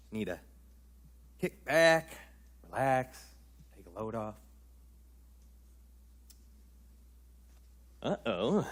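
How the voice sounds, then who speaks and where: A man playing a sheepish, amorous pioneer husband in an improvised comedic role-play over a game, wheedling and bumbling. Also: mid-range voice. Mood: coaxing.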